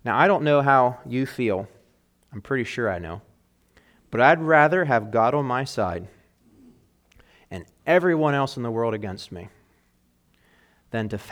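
A man preaching a sermon in an earnest way, rising in emphasis and dropping to quiet asides, and reading scripture aloud with weight. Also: fairly low pitch. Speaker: pastor.

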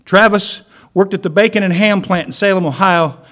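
A man's voice: high voice, moderate pace, fairly bright tone. A man preaching a sermon, telling stories and acting out the people in them. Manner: storytelling, acting out quoted voices. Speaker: pastor.

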